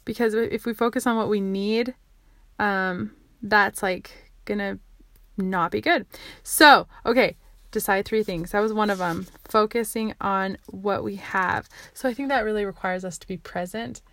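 Rambling, excitable woman vlogger. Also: mid-range voice, unhurried, dry recording. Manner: rambling and excitable, many fillers, self-interrupting. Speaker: vlogger sharing what she learns. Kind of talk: casual self-recorded monologue.

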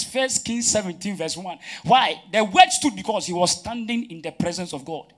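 A man preaches to his church. He fires questions for the congregation to answer and swings between loud emphatic bursts and quiet asides. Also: sits high, normal speed, few pauses. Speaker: pastor. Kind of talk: sermon.

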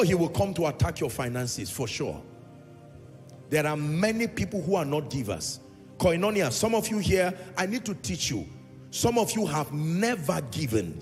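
A man's voice: on the high side, sing-song, normal speed, soft background music. A man preaching a sermon in a large church hall, pressing his point with repeated phrases and sometimes half-singing his lines. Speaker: pastor.

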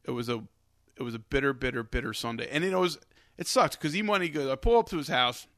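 A young man co-hosting a casual sports betting show, animated and swearing freely, his voice jumping high when he gets worked up. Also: quick pace, no echo, studio quality. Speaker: podcast co-host.

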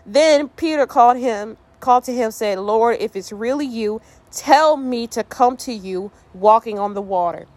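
Her voice sits on the high side with a darkish tone at a moderate pace as she leads a casual Bible study. She reads scripture with playful joking asides, then grows earnest and reflective when applying the passage.

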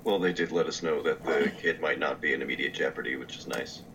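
A man player in a tabletop role-playing game, talking in a measured, practical way. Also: rumbling low, steady tone, gravelly, fairly bright tone. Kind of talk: tabletop role-play chat. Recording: distant mic with faint noise.

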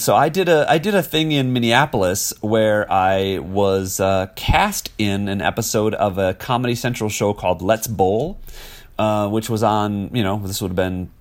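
Forties male actor from Wisconsin, low voice, loose storyteller, lots of ums. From Wisconsin, USA. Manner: rambling, many fillers, laughs often. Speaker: actor guest. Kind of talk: casual interview storytelling.

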